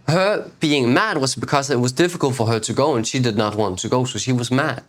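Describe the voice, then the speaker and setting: A man hosting a spiritual video series, giving an unhurried reflective talk that repeats phrases and asks rhetorical questions. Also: medium pitch.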